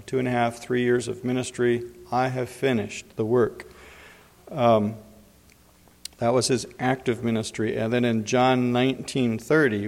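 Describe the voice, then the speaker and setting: A man giving Bible teaching in an unhurried way, pausing often with fillers. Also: medium pitch, vocal fry, darkish tone. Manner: unhurried, frequent pauses and fillers. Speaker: preacher. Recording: long hall reverb.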